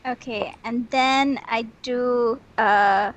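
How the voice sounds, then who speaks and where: A woman's voice: on the high side, fairly even intonation, very slow. A woman playing a tabletop wrestling game, giggly and hesitant, often stumbling over her words. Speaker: player. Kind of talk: casual tabletop play.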